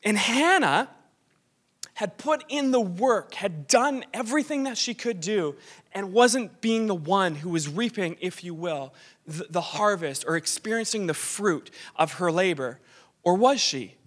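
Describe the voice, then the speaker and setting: A man with a fairly high voice preaches in a loose, conversational way. He questions himself aloud and restarts sentences as he works through his thoughts. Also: animated, measured pace, a bit bright. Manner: informal, self-questioning, frequent restarts. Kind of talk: conversational sermon.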